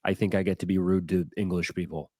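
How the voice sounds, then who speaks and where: Low voiced guy rambling thru stories on a podcast, kinda self-deprecating, dry close mic. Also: fairly even intonation, fast, darkish tone, no room sound. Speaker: podcast co-host. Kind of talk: casual comedic chat.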